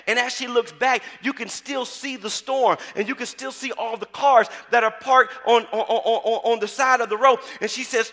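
A man with a high, bright voice delivers a sermon to his congregation. He calls on the crowd to repeat after him and swings from quiet storytelling to full shouting. His voice rings out with a long echo in a large hall. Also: steady tone, normal speed, few pauses. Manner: call-and-response preaching, building to shouts. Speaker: preacher. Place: church sanctuary.

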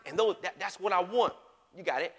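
A man preaching a sermon with animated delivery, swinging from hushed asides to shouts and often checking in with his listeners. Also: sits high, brisk, long reverb tail. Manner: animated, repeatedly checks in with the audience.

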